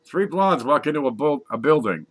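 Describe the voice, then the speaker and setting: A man casually reading jokes aloud from a page, putting on higher voices for the punchlines. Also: lively intonation, moderate pace, a bit bright. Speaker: joke reader.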